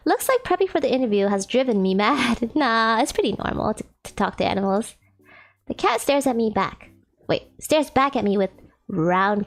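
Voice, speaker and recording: Faint, gentle game music runs behind a woman streaming a dating visual novel, which she reads aloud with jokes tucked between the lines. She sounds high-pitched, playful, and giggly.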